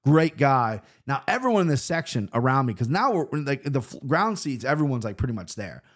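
A man's voice: medium pitch, sing-song, a little fast. Profane, rambling American man. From United States. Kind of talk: casual storytelling monologue.

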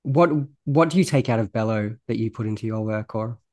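A man interviewing a novelist, asking measured questions and murmuring quietly while he listens. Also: lowish voice. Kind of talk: conversational interview.

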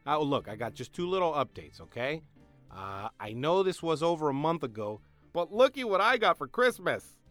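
A young man hosting a podcast, doing a sarcastic comedic monologue that swings between loud bits and mumbled asides. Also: on the high side, big pitch swings, moderate pace, faint music behind. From Mexican-American. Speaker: podcast host.

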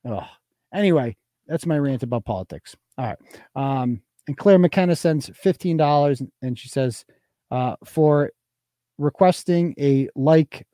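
A man's voice: mid-range voice, mellow, no echo. Man ranting on a live show, dry sound. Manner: heated, swearing constantly, restarts mid-sentence. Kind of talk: profane political rant.

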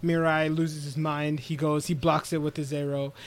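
Animated man recapping with character voices. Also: fairly high pitch, moderate pace, slight background noise. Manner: animated storyteller acting out characters' lines. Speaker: podcast co-host. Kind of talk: casual chat recapping an anime episode.

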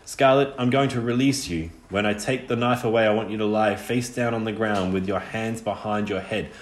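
A man voicing a cold, menacing adult killer who speaks in a smooth, mocking, threatening way in an audiobook reading. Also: fairly low pitch, fairly even intonation, normal speed, a little hiss or hum, lightly acted. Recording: roomy echo.

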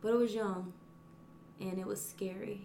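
A woman's voice: mid-range voice, fairly even intonation, normal speed, creaky, dark tone, a little hiss or hum. Hesitant, reflective woman in an echoey room. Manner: hesitant, reflective, laughs often. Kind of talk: casual podcast conversation. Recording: roomy echo.

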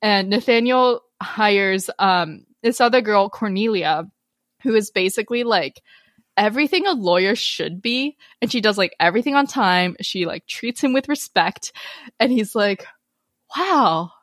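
A woman co-hosting a podcast in casual chat, relaxed and full of fillers as she recaps scenes. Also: mid-range voice, unhurried, no room sound, studio quality. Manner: relaxed, filler-heavy storytelling. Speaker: podcast co-host.

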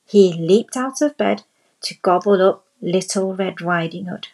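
A woman narrating a children's storybook in a slow, deliberate reading voice. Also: mid-range voice, a little mellow, soft background music, poor audio.

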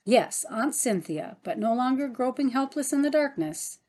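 A woman's voice: high voice, animated, moderate pace, darkish tone, pitched above the performer's own voice. A woman reading the lines of a glad, elderly aunt in a storybook narration. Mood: joyful. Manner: glad, exclaiming. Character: joyful elderly aunt, once blind.

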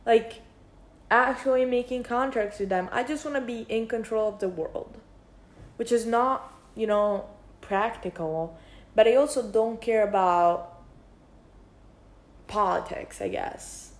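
A woman's voice: a little high, a little slow, reverberant. A young woman vlogging, thinking aloud in a rambling, casual way with many fillers. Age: young adult. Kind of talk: casual reflective monologue.

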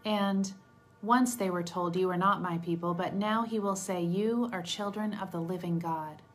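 A woman reading scripture aloud at a steady, measured pace, lightly voicing the quoted speech. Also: fairly low pitch, faint music behind. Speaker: Bible reader.

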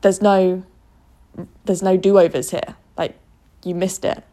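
A woman's voice: fairly low pitch, level tone, slow pace. A woman voicing a sorrowful, disappointed best version of a person. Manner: soft, regretful, reproachful.

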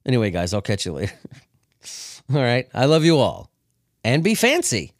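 At a moderate pace, a male podcast host with a mid-range voice trades crude jokes and laughs often. The studio sound is clean with no room echo, and his recent illness leaves him prone to coughing fits.

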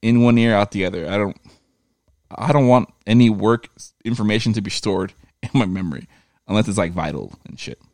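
Low-voiced man telling a profane story. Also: a little fast, dry recording, studio quality. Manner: profane, animated retelling with quoted voices. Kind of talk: casual storytelling chat.

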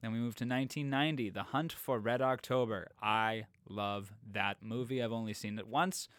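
A man's voice: mid-range voice, moderate pace, a bit bright, dry recording, studio quality. A man co-hosting a casual podcast chat, reading through a list of films with musing asides. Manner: chatty, reads out film lists, musing asides. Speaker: podcast co-host.

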